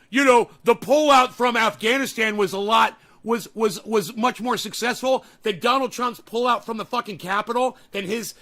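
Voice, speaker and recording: A man hosting a political podcast, ranting profanely and breaking into shouts. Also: very high voice. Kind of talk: angry political rant.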